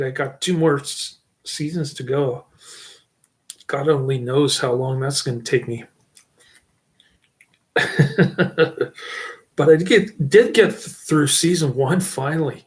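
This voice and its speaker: A middle-aged man giving a casual, rambling channel update, often breaking into chuckles. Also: fairly high pitch. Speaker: channel host.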